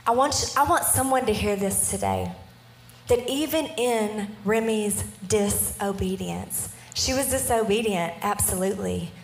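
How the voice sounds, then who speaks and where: Animated woman preaching in an echoey hall. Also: medium pitch, a little slow, slight background noise. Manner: animated, keeps checking in with the audience. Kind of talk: storytelling sermon.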